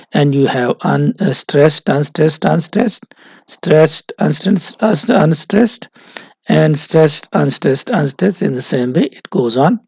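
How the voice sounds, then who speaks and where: A man lectures at a slow, deliberate pace, stopping often on "uh" as he explains each point. His fairly high voice is gravelly with a husky edge. The recording is dry and close. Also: darkish tone, no echo, low-quality recording. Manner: slow, methodical, frequent "uh" pauses.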